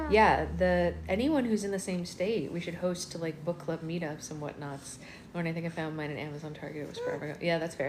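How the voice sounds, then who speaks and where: A chatty woman with a fairly low voice, hosting a live online book club while getting over a cold. She talks casually and answers viewer comments. A faint hum of room noise sits behind her. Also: fairly even intonation, a little fast. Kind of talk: casual livestream chat.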